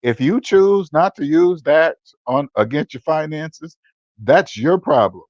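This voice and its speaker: A man's voice: fairly high pitch, lively intonation, a little slow, dry recording, muffled recording. A man in his fifties hosting a personal finance channel, talking in a blunt, preachy way and repeating words for emphasis. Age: 50s. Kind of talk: casual livestream-style monologue.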